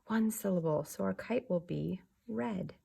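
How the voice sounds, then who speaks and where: A young woman teaching a remote class for young children, slow, soft and patient, often dropping to a whisper. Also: mid-range voice, gravelly, heavy background noise.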